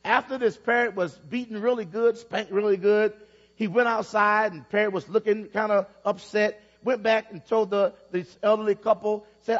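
High-voiced preacher in an echoey hall. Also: male voice, steady tone, moderate pace, dull audio. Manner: storytelling preacher, repeats phrases, builds emphasis. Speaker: pastor. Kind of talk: sermon.

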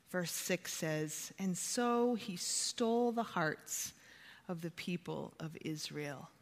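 A woman preaching a sermon, retelling a story with dramatic swings in pitch and volume. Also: a bit bright. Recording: long hall reverb.

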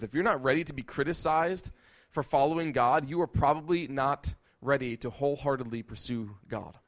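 Fast-talking preacher man, emphatic. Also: medium pitch. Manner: emphatic, rhetorical questions and repetition. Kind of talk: sermon.

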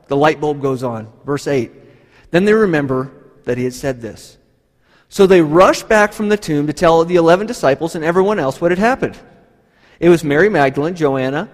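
Guy preaching a sermon, kinda high voice, big echoey hall, acts out the story. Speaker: pastor.

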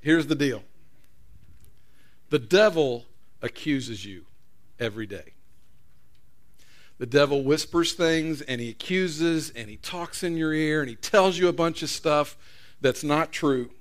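A man's voice: fairly high pitch, a little slow, pauses often. A man preaching a sermon as pastor, in a conversational storytelling way with repeated restarts.

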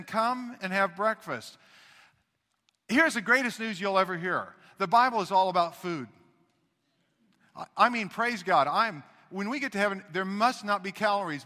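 A man preaching a sermon as pastor, folksy and animated, full of rhetorical questions and restarts. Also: high-pitched, long reverb tail.

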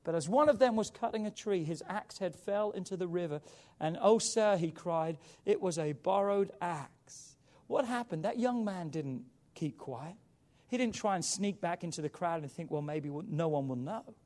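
A man preaching a sermon as pastor, with emphatic rises and quiet drops. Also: high voice, expressive, moderate pace.

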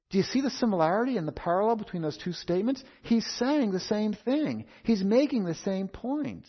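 A man preaching an expository sermon in a measured, emphatic way, repeating key phrases. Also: high-pitched, very animated, husky. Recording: dull lo-fi sound.

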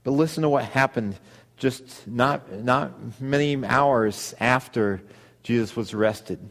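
Male pastor, mid-pitched, earnest sermon delivery; long reverb from a hall. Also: gravelly, fairly bright tone. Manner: earnest, reads scripture aloud with pauses.

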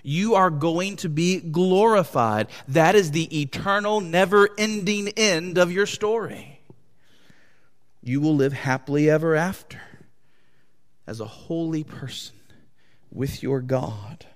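A pastor preaching a sermon to his congregation, with an impassioned delivery that swings between loud, high emphasis and quiet, low tones. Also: slow pace. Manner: impassioned preaching with wide swings in pitch and loudness. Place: church hall. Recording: long hall reverb.

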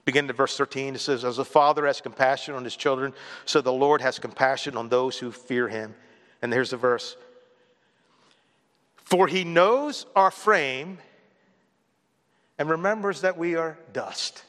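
Male pastor, bright forceful delivery, conversational sermon storyteller, long hall reverb. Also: medium pitch, a little slow, pauses often. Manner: conversational storytelling preacher, mimics others with a raised voice.

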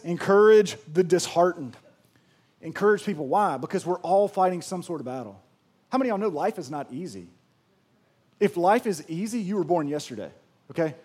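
A man preaching a sermon, swinging from loud emphatic lines to hushed storytelling. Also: sits high, husky. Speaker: pastor.

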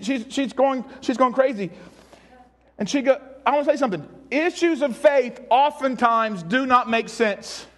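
A man preaching a sermon as pastor, animated, acting out voices and shouting at times for emphasis. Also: very high voice.

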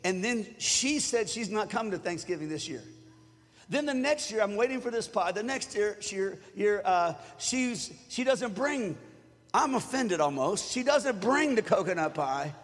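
A man preaching a sermon to a congregation in a conversational way, building up to shouted calls for them to answer. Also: sits high, lively intonation, moderate pace. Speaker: pastor. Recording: long hall reverb.

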